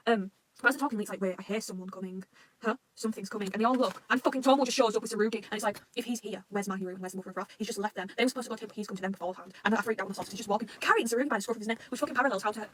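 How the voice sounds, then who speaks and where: A woman with a slightly high voice rattles through a fan recap at breakneck speed. She swears freely and keeps bursting into excited, gushing shouts as she retells each scene. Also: racing, a little hiss or hum. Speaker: manga reaction channel host.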